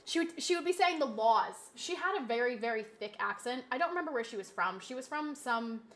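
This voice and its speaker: A woman streaming a game, chatting casually with her audience, reading chat aloud and slipping into animated, mock-indignant rants. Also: on the high side, a little fast. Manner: chatty, reads chat aloud, laughs easily. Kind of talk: casual live-stream chat while gaming.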